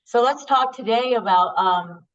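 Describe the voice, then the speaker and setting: A woman hosting a podcast, chatting casually and warmly telling a story, openly emotional. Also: on the high side, unhurried, a little hiss or hum. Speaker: podcast host. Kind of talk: casual interview chat. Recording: dull lo-fi sound.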